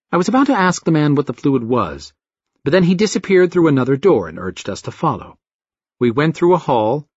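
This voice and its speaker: A man narrating a first-person story in an expressive, wry way, with a husky voice. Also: medium pitch, no room sound. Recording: dull dry lo-fi recording.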